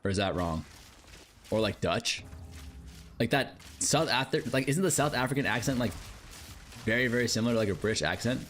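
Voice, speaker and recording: A man's voice: mid-range voice, expressive, brisk, pauses often, a bit bright, a little hiss or hum. A male game streamer chatting casually with live viewers, rambling and musing aloud with lots of fillers.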